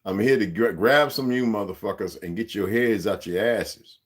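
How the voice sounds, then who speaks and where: Speaking at normal speed in a lowish voice, a livestream host in his sixties rambles through a profane, streetwise rant directed right at his viewers and the chat.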